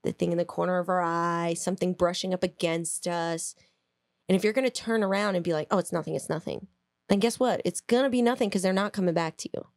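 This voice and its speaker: A woman co-hosting a podcast, telling a story in a casual, animated way, laughing, swearing and acting out quotes. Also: fairly low pitch, quick pace, dry recording. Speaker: podcast co-host.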